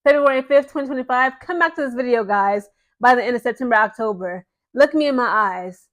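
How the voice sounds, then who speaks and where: A woman's voice: sits high, expressive, fairly quick, a bit bright. A woman giving casual, slangy opinion commentary to camera as a sports vlogger, chatty and emphatic.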